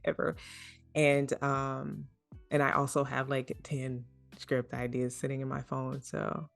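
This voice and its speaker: A woman in her thirties, a podcast guest, talking in an open, reflective way that turns animated when she jokes. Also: rumbling low, creaky. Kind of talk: casual conversation.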